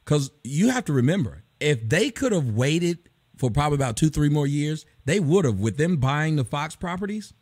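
Profane, animated middle-aged man ranting. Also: fairly high pitch, normal speed, slightly rough, no room sound. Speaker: host. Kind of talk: casual live-stream chat.

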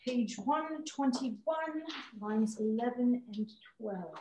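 Brief: young actress as an imploring, lovesick writer; distant mic, roomy video-call echo. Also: female voice, a little high, animated, takes it slowly, a little mellow, slight background noise. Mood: pleading. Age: young adult. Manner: earnest, imploring. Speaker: student actor. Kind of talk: stage drama over video call. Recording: distant echoey room over video call.

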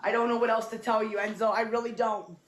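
A woman's voice: fairly high pitch, flat delivery, fast talker. A young woman filming a casual vlog, talking to her cat in a coaxing, repetitive baby-talk manner.

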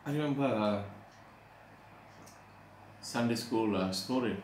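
A man preaching a sermon, pausing often with "uh" and slowing down to stress scripture verses. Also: medium pitch, darkish tone. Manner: halting, with frequent "uh" pauses. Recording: echoey room, faint background noise.

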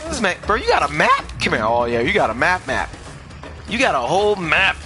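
Lively joking young man streaming a game. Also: sits high, fairly quick, music in the background. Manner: laughs often, jokey trash talk to the game. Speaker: gaming streamer. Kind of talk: casual gameplay commentary.

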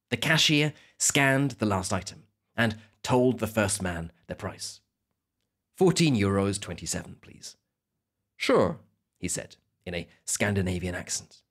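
A man hosting an educational podcast, telling a story in a clear, measured way for learners. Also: lowish voice. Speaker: podcast host. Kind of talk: scripted educational narration.

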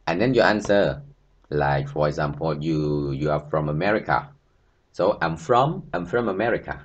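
A man with a Khmer accent teaching an online language lesson, patiently repeating words, his English halting with restarts. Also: a bass voice, expressive, muffled recording. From Cambodia.

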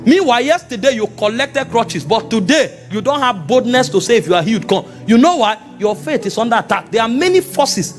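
A man with a Nigerian accent, preaching an animated sermon to a congregation, often rising to shouts. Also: very high voice, brisk, few pauses, soft background music. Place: church meeting.

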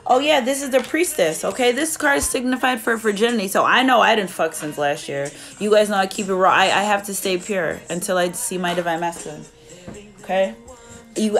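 A woman's voice: mid-range voice, a little fast, soft background music. A young woman giving a casual live tarot reading, chatty and blunt, swearing freely as she talks to her viewers. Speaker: tarot reader.

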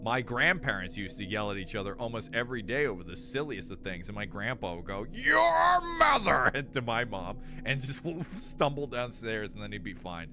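A man's voice: on the low side, brisk, few pauses, bright, forceful tone, a little hiss or hum. A man streaming a horror game, joking and rambling, sometimes reading the game's text aloud. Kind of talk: casual game stream chat.

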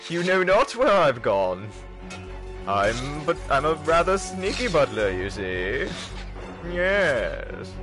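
A man's voice: medium pitch, music in the background. A man voicing a sneaky male butler in a posh, nasal, haughty put-on voice. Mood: smug. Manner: haughty, drawn-out posh delivery.

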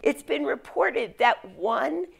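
Lively storytelling woman with gravelly edge. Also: high voice, slow pace. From United States. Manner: storytelling, animated. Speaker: speaker. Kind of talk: leadership lecture.

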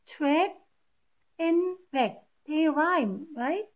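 A woman's voice: high-pitched, expressive, drawn-out words. A woman teacher reading a picture book aloud to children, patiently stopping to point out the rhyming words. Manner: patient, explains each rhyme to kids.

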